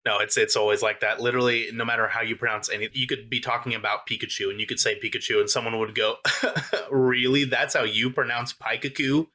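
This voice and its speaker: A young American man with a fairly low voice and a bright, forceful edge, hosting a casual podcast. He chats easily and breaks into laughter between remarks. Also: flat delivery, fast talker. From United States. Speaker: podcast host. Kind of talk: casual chat.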